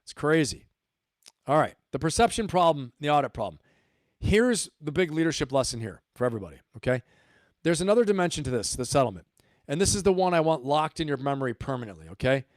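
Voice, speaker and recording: A man's voice: a little high, sing-song, quick pace, dry recording, studio quality. A man hosting a livestream, giving emphatic commentary and repeating his points for stress. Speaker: host.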